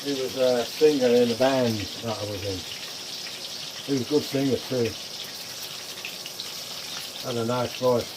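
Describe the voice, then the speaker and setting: A man's voice: mid-range voice, fairly even intonation, measured pace, long pauses. A man chatting casually to his viewers while cooking in his home kitchen, calling them folks. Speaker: cooking vlogger. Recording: frying and running water noise. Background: sizzling pan and tap water.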